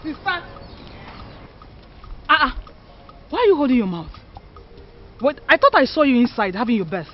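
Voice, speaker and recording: An actress with a Nigerian Pidgin-tinged accent playing an excitable young woman who gossips eagerly in a hushed voice. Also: high-pitched, moderate pace, pauses often. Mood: gossipy. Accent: Nigerian Pidgin-tinged English. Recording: dull film audio with loud music.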